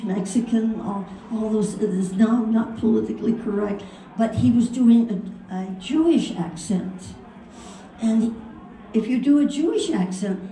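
A woman's voice: on the high side, dark tone. An older woman, a voice actress, telling playful, theatrical anecdotes to a convention audience. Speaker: voice actress at a fan convention panel. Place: large convention hall. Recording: echoey hall, mic from far off, faint noise.

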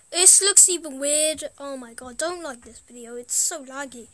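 A woman gives rambling, easily amused commentary on a game, her thoughts often trailing off. Her voice is high and bright, and her delivery is unhurried. The recording is close and dead dry. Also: no echo. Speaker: gaming video host. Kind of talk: casual gameplay commentary.

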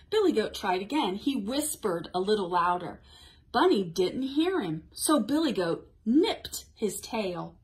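A woman librarian leading a toddler storytime, encouraging and sing-song, reading a picture book aloud. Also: mid-range voice. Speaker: children's librarian.

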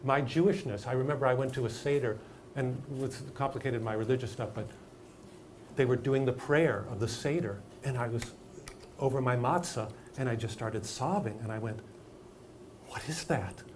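An older man teaching acting, talking in an animated, emphatic storytelling way. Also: mid-range voice, moderate pace, slight background noise. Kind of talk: masterclass discussion.

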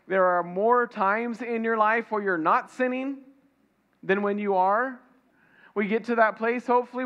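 High-voiced pastor preaching. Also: male voice, fairly bright tone, dull audio. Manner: conversational, asks the congregation questions, acts out little dialogues. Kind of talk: sermon.

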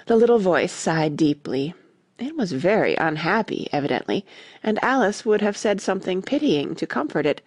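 A woman reading a classic storybook aloud as an audiobook narrator, expressive and animated. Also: on the low side, moderate pace, slightly rough, no echo, studio quality.

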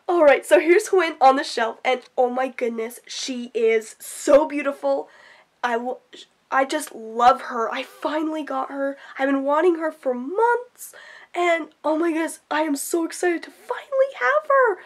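A woman vlogger narrating an unboxing, gushing and repeating excited exclamations. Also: sits high, measured pace. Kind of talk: unboxing vlog.

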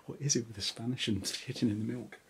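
A man's voice: mid-range voice, fairly even intonation, fast, slight background noise. A man whispering in a playful, amused way for ASMR, close on an ear-to-ear mic. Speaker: ASMR creator. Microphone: binaural ear-to-ear mic.

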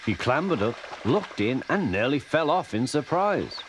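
A man from England with a Liverpool accent narrating a children's storybook in a lively manner, on old tape audio. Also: mid-range voice, moderate pace, slight background noise.

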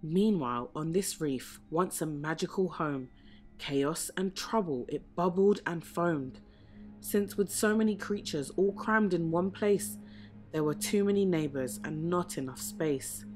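Slow, gentle woman reading a picture book. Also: on the low side. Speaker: storybook reader. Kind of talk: rhyming picture-book read-aloud. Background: soft background music.

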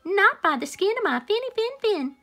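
A woman voicing a brave, tiny fish from a children's storybook, giving a squeaky, defiant reply. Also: very animated, moderate pace, fairly bright tone, heavily acted.

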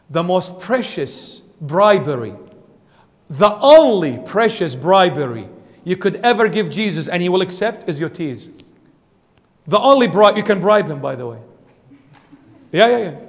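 A man preaching a sermon in a church, emphatic, swinging between fervent outbursts and quiet low passages. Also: in a large hall. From Australia. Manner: emphatic, rising to fervent peaks then dropping low. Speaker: bishop preaching.

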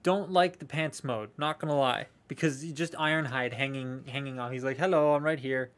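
A man's voice: medium pitch, moderate pace, fairly bright tone. A young man chatting casually on a live stream while unboxing collectible toys, rambling, swearing freely and answering viewer comments.

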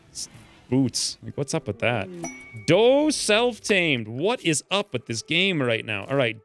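A man giving casual, joking commentary over a game, now and then ranting in character as his angry dwarf. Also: medium pitch. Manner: joking, animated, voices his dwarf's rants. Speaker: let's play host.

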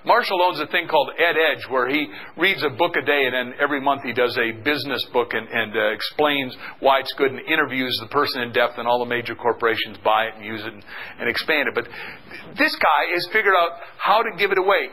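Man, middle-aged, seminar speaker, energetic call-and-response, bright tense voice. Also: medium pitch, fairly quick, rough recording. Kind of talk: motivational seminar talk.

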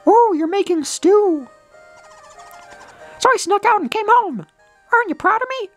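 Woman doing a squeaky bratty boy Toad. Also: animated, a little slow, soft background music, full character voice. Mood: cheeky. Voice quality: squeaky, very high. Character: bratty little boy Toad, cheeky and whiny.

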